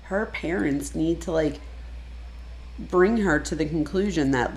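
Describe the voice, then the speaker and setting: A woman commentating on a true crime case, emphatic and exasperated, with loud bursts. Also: low-pitched, measured pace, poor audio. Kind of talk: reaction commentary.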